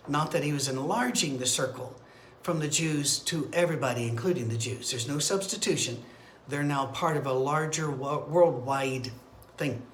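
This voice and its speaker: A man's voice: medium pitch, moderate pace, a little hiss or hum. A man leading a midweek Bible study, teaching in a conversational, digressive way with fillers and restarts. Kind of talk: informal teaching sermon. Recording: roomy echo, faint ambience.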